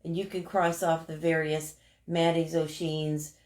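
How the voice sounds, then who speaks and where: A middle-aged woman co-hosting a casual live stream from home, chatty and quick to laugh as she reads out viewers' names. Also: deep voice, little pitch movement, darkish tone, echoey room.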